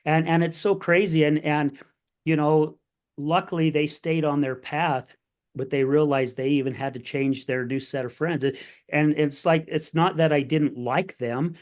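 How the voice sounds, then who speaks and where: A man's voice: fairly high pitch, fairly even intonation, moderate pace, darkish tone. A man hosting a podcast interview, supportive and conversational, often repeating words and using fillers. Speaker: podcast host.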